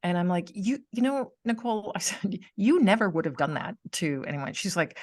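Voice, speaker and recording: A woman's voice: medium pitch, animated, normal speed, no echo. A middle-aged woman hosting a podcast, telling a personal story in casual chat over a video call. She acts out the people in her story and laughs often. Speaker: podcast host.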